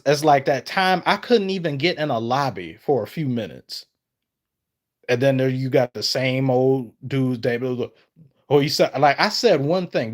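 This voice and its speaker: Rambling man chatting on a live stream. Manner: rambling, trails off and restarts sentences; lively, pitch jumps up when excited. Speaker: streamer answering chat. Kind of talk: casual live-stream chat.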